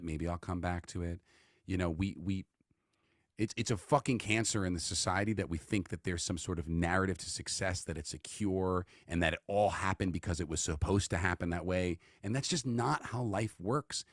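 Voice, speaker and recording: A man's voice: deep voice, brisk, dry recording, studio quality. A man with a New York accent, a guest on a podcast, talking earnestly and with profanity about life. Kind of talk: casual reflective chat.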